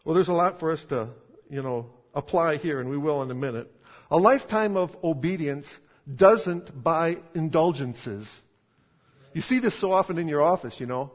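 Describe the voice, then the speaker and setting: Preacher guy chatting through a sermon, slightly high voice, long hall echo. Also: moderate pace. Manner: conversational, emphatic, rhetorical questions. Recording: dull sound in a reverberant hall.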